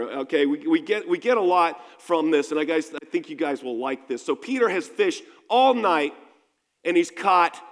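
Man, pastor, sermon, fairly high voice, casual storytelling, long church-hall reverb. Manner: conversational, storytelling with repeated restarts. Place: church sanctuary.

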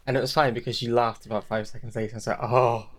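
A man chatting casually as a podcast co-host, rambling and animated, jumping high when quoting his own thoughts. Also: racing. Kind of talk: casual chat.

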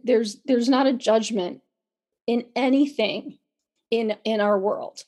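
A woman co-hosting a podcast speaks slowly in a fairly high but darkish voice that's a little worn because she's losing it. She talks earnestly and casually, often restarting and repeating words.

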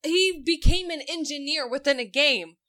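A woman in her thirties chatting on a podcast, an animated storyteller who laughs through her punchlines. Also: high voice, moderate pace. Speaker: co-host telling family stories. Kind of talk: casual podcast chat.

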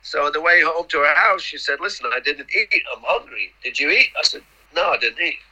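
Man, middle-aged, podcast guest, rambling anecdotes, bright forceful tone. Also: a little high, lively intonation, fairly quick, rough recording. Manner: rambling, repeats words, acts out quoted dialogue. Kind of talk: casual anecdotal storytelling.

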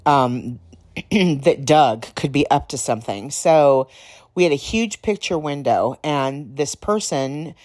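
A woman hosting a podcast, telling stories in a casual, rambling way, slightly hoarse and clearing her throat now and then. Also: low voice, animated, slow, a little mellow. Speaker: podcast host. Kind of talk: casual storytelling.

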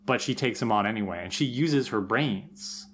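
A man co-hosting a podcast, analysing a TV episode in relaxed chat, thinking aloud with frequent "like" and "right?". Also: lowish voice, moderate pace, slight background noise. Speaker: podcast co-host.

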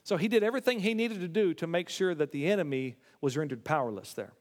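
A man's voice: a little high, fast talker, long reverb tail. A man preaching a sermon, telling stories with emphatic stammered restarts. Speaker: pastor.

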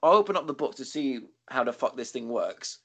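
Chatty male co-host; animated, sweary storyteller with a lively pitch. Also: a little fast, breathy edge. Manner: rambling, swears freely, animated quoting. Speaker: podcast co-host. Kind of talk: casual storytelling chat.

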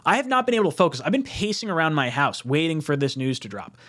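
A young man co-hosting a live sports fan stream, rambling excitedly with frequent laughs and the odd swear word. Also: fairly high pitch, quick pace. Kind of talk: excitable casual chat.

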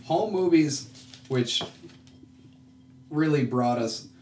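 A man co-hosting a podcast in casual chat, joking with quick asides. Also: a little high, darkish tone, far from the mic, slight background noise. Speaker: podcast co-host. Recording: roomy echo, off-mic.

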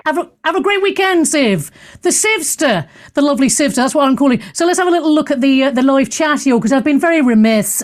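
A woman's voice: sits high, lively intonation, fairly quick. Chatty woman hosting a live show. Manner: chatty, laughs often, self-deprecating asides. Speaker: show host. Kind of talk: casual live-stream chat.

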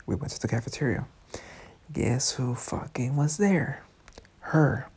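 A man's voice: mid-range voice, animated, measured pace, darkish tone, slightly rough. A young man in his twenties telling a casual story, frank and profane, talking straight to his listeners. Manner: frank, profane, talks to the audience directly. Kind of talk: casual storytime, swearing freely.

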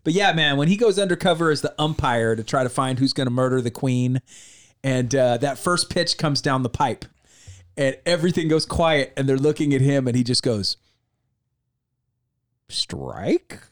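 A man co-hosting a podcast in casual chat, enthusiastic and quick to agree. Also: medium pitch. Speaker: podcast co-host.

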